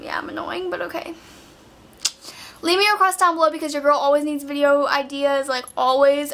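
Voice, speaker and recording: A woman's voice: high voice, a bit bright, slight background noise. A teenage girl chatting casually about clothes she bought, bubbly and filled with "like", a bit out of breath. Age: teens. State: slightly out of breath. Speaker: vlogger. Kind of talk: casual clothing haul chat. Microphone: camera mic.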